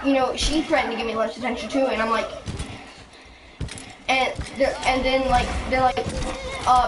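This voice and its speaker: A woman's voice: high-pitched, steady tone, normal speed, long pauses, noisy background. Rambling indignant girl, mic at a distance. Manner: rambling, many restarts and fillers. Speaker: storytime vlogger. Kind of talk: casual storytime rant. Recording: voice from a distance with clear background music.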